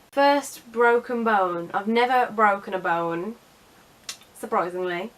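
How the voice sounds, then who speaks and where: A young woman chats casually to camera. She is sarcastic and self-mocking, with a mid-pitched voice. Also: takes it slowly, a bit bright. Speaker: vlogger. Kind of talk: casual vlog chat.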